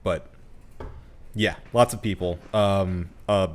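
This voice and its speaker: Laid-back man with a low voice. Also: steady tone, slow. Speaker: podcast co-host. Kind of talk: casual movie review chat.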